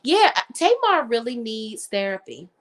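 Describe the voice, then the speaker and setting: A woman's voice: fairly high pitch, sing-song, normal speed, fairly bright tone. A woman hosting a casual gossip chat, blunt and profane, reading out viewer comments. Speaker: host.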